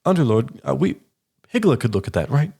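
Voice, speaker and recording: A man's voice: medium pitch, very animated, a little fast, gravelly, dark tone, breathy edge, pitched above the performer's own voice, exaggerated voice. A man voicing a polite middle-aged gnome sorceress. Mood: curious.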